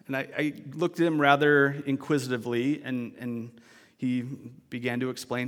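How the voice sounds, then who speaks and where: A man's voice: mid-range voice, normal speed. A man preaching a sermon as pastor, talking in a conversational, reflective way with restarts and asides. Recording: long reverb of a large church hall.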